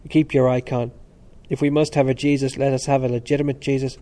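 Aloof young student, weary and cutting, warm mellow tone, read by a man. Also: medium pitch, little pitch movement, fast talker, close to an everyday voice. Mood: scornful.

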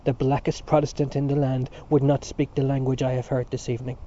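A man's voice: medium pitch, little pitch movement, brisk, mellow, close to an everyday voice. A man voicing a fierce, devout older woman who speaks hotly and insistently, on a dull recording with faint hiss. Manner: hot and insistent.

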